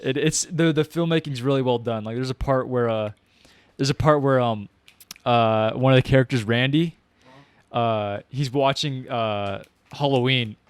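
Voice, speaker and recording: A man's voice: medium pitch, normal speed, smooth, no room sound. A young man casually reviewing a movie, rambling with lots of fillers, slang and restarts.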